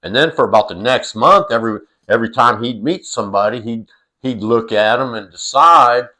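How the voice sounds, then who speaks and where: A man's voice: mid-range voice, moderate pace, pushed and bright. A middle-aged man telling a funny family story in a loose, rambling way, with plenty of fillers and the odd curse. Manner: rambling, full of fillers and restarts, salty. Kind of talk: casual storytelling.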